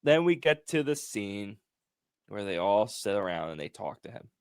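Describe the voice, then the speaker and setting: A man's voice: lowish voice, very animated, normal speed, smooth, no echo, clean studio sound. A man co-hosting a casual podcast, retelling scenes with acted-out quotes, frequent laughs and swearing. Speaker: podcast co-host.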